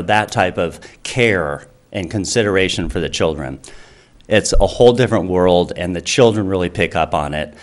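A man's voice: deep voice, normal speed. A man who founded a charity, speaking earnestly to a town council with many fillers and restarts. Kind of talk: public comment speech.

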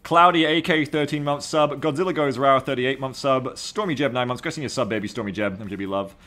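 A man's voice: mid-range voice, fairly quick, soft background music. A man streaming a game and casually thanking subscribers and donors by name. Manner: thanking donors warmly, reading names. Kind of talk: casual live-stream chat.

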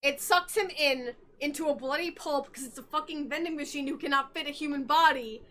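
A woman's voice: high-pitched, fairly quick, pushed and bright. A tipsy woman hosting a podcast, rambling through a game's story in casual chat, giggling and swearing as she goes. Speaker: podcast host.

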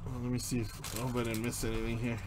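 A man hosts a live card break, calling out player names as he opens packs and chatting casually with viewers. His mid-range voice is fast and completely flat, and the recording is very noisy.

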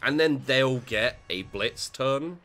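A man's voice: mid-range voice, takes it slowly, pushed and bright, slight background noise. A man talking through his own game as he plays, thinking aloud and swearing freely. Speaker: gaming channel host. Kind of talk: let's play commentary.

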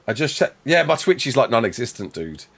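A young man chatting casually with viewers while playing a game live, quick to laugh and often restarting his sentences. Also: medium pitch, sing-song, creaky, a bit bright, husky. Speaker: live streamer.

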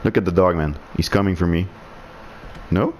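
A man's voice: deep voice, moderate pace, darkish tone, slight background noise. A man giving sarcastic, swearing commentary on his own online shooter match, muttering in frustration, a non-native speaker of English whose first language is French. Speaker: gaming streamer. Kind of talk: live gameplay commentary.

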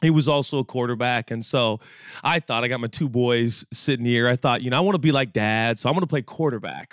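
A man in his forties preaching a sermon, telling stories and joking with the congregation in an animated way. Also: mid-range voice, no echo, studio quality. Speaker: pastor. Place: church auditorium with audience.

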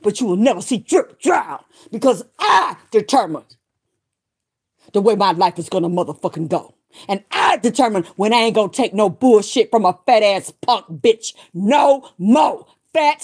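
A middle-aged woman with a fairly high voice delivers a profane livestream rant. She sounds defiant and preachy, stacking up short emphatic declarations one after another. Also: a little mellow.

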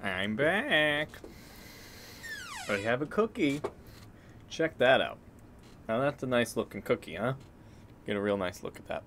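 A man's voice: medium pitch, big pitch swings, unhurried, pauses often, a bit bright, a little hiss or hum. A man streaming a video game live, joking, swearing freely and chatting with his viewers. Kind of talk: live gameplay stream commentary.

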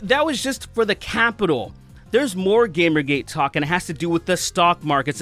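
A male commentary host rants in a high, excitable voice, sarcastic and heated, swearing freely. Faint music plays underneath him. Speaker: commentary YouTuber. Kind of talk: ranting commentary.

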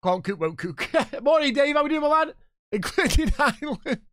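A man in his thirties playing a football management game, chatting with viewers and reacting loudly to the match. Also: extremely high pitch, very animated, normal speed, no room sound, clean studio sound. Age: 30s. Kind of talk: live gameplay commentary and chat.

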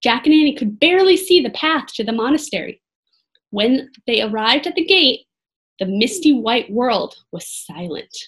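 A woman reading a children's chapter book aloud, dramatic and lively, who stops for chatty asides about the story. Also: fairly high pitch, moderate pace. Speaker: reader.

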